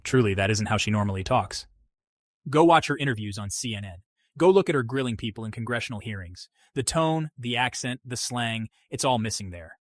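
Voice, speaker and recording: A man narrating scripted commentary in a measured, persuasive way. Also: mid-range voice, animated.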